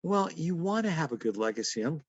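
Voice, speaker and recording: A man's voice: fairly high pitch, sing-song, brisk, breathy edge, dry recording, muffled recording. A man in his seventies, a guest in an interview, telling stories and laughing often as he talks. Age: 70s. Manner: storytelling, quotes others in acted voices, laughs often. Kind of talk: conversational interview.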